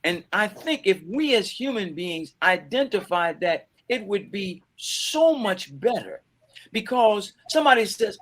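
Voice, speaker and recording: A middle-aged man telling stories as a guest in a panel conversation, animated and repeating words as he acts out quoted voices. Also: very high voice, normal speed. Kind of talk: conversational storytelling. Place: bookstore event conversation.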